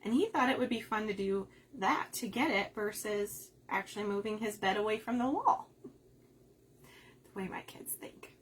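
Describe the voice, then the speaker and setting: Hosting a craft livestream, a woman from the Upper Midwest chats casually while she works, laughing a lot and reading viewer comments out loud. Her medium-pitched voice has a breathy edge and moves at a moderate pace with hardly any pauses.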